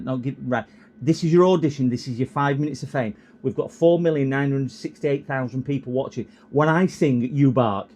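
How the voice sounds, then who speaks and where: A man's voice: medium pitch, expressive, brisk, darkish tone, a little hiss or hum. A man who streams himself repairing electronics, chatting casually and rambling off on tangents while he solders. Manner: rambling, chatty, easily sidetracked.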